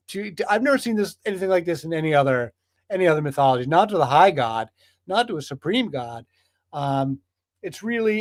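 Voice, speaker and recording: A man's voice: a little high, darkish tone, dry recording, clean studio sound. A man leading a bible study group in a casual lecture, speaking with enthusiasm and emphatic repetition. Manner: enthusiastic, emphatic, builds with repeated phrases.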